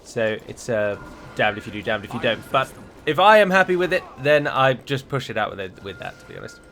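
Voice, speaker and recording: An English man narrating his own playthrough of a strategy game. He talks casually at a middling pitch and drifts into chatty asides as he plays. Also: big pitch swings, fairly quick, a bit bright, slight background noise. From England. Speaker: gaming YouTuber. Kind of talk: let's play commentary.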